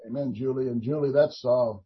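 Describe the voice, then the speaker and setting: Very husky older man, halting testimony. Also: medium pitch, fairly even intonation. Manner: earnest, halting with many restarts and fillers. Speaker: prison minister. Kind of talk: testimony in a Christian talk show interview. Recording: dull lo-fi recording.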